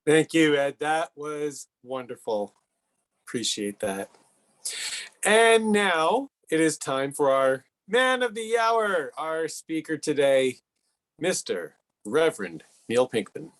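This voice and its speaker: Host introducing speaker, lively pitch, unhurried delivery. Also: male voice. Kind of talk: service hosting.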